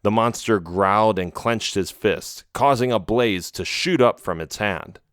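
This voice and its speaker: A man narrating a children's adventure storybook with a low, steady voice. His reading is measured and even. The sound is dry and close to the mic. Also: no echo. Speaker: audiobook narrator.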